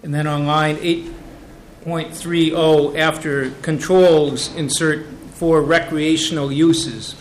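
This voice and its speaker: A man reading an oral amendment aloud to a committee, slowly and deliberately. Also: fairly high pitch, steady tone, a little hiss or hum, poor audio. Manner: deliberate, reads text slowly. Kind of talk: formal committee testimony. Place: legislative hearing room.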